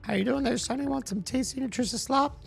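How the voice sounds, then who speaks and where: A man doing a high folksy lunch lady. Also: gravelly, soft background music, heavily acted. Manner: high put-on falsetto, drawn-out folksy talk. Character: chatty older lunch lady, folksy and sly.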